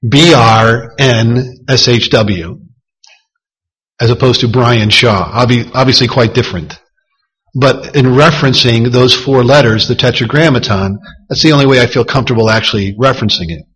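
Husky-voiced man teaching a sermon. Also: medium pitch, a bit bright, low-quality recording. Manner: teaching, measured and explanatory. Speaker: pastor.

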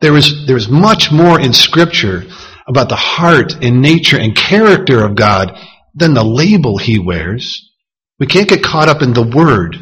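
A man preaching a sermon, explaining scripture in a measured, teaching manner. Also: mid-range voice, big pitch swings, a bit bright, slightly rough, low-quality recording. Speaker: pastor.

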